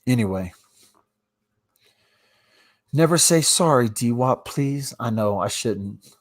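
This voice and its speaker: A man talking into his phone on a casual livestream, going off on rants. He jumps from loud, fired-up bursts down to quiet mutters under his breath. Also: medium pitch, expressive, slow. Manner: ranting, swings between loud outbursts and mumbled asides. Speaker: livestream host. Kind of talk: casual live-stream rant.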